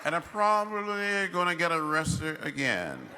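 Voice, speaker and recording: A crowd and other background noise surround this man in his seventies as his fairly high voice swings widely in pitch, at a slightly slow pace. He's giving a commencement speech at a big outdoor ceremony, preacher-like and impassioned, repeating short phrases, with the PA system adding long reverb.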